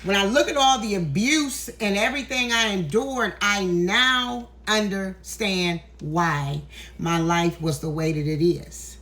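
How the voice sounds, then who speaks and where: A woman's voice: mid-range voice, measured pace, a bit bright. A woman in an emotional vlog monologue, emphatic and preachy, near tears, swearing freely as she speaks into her phone indoors. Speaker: tarot content creator. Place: indoors, walking in a hallway.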